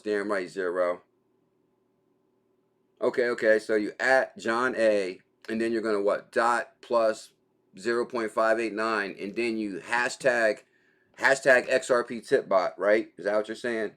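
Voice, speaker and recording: A man's voice: lowish voice, a bit bright. A man hosting a daily crypto livestream, chatting casually and reading out viewer comments, with a laid-back, slangy manner and easy laughter.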